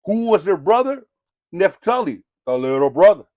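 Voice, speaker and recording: A man's voice: high-pitched, sing-song, moderate pace, darkish tone, no room sound, dull audio. Blunt, profane Samoan-Californian man ranting. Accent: Samoan-influenced Southern California. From Southern California. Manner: blunt, rude and profane, preachy; rambling with frequent "you know what I mean". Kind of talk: ranting monologue.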